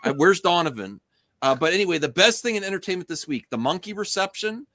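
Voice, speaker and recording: A man hosting a casual online movie-news panel, his voice bright and forward with lively swings in pitch. He rambles and restarts, piling up fillers as he goes. The recording is close and dry. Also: fast, dry recording. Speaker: show host. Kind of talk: casual live-stream panel chat.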